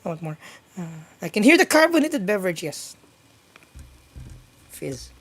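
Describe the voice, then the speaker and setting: A woman's voice: medium pitch, big pitch swings, moderate pace, no echo. A woman live-streaming a racing game, chatting casually with viewers in a rambling way, full of fillers and restarts.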